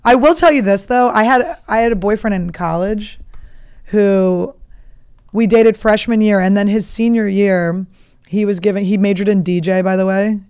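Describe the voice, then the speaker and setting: A woman's voice: medium pitch, normal speed, darkish tone, smooth. A woman in her thirties hosting a comedy podcast, telling stories in a blunt, profane, joking way. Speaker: podcast host. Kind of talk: casual comedic chat.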